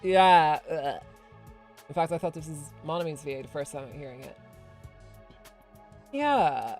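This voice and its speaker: A man's voice: fairly high pitch, animated, normal speed, creaky, pauses often, darkish tone, faint music behind. A male voice actor and streamer giving casual gaming commentary, chatty and joking with swearing asides.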